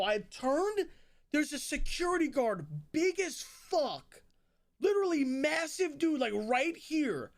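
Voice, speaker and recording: A young man streaming to his viewers, telling a long story in a casual, animated way, swearing often and breaking into loud outbursts. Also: extremely high pitch. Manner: animated, swears a lot, jumps between fast narration and loud outbursts.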